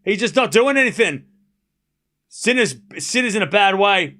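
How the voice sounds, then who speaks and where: A man's voice: sits high, lively intonation, normal speed, noisy background. A man hosting a live watchalong stream, calling the play and reacting bluntly, swearing freely. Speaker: streamer host.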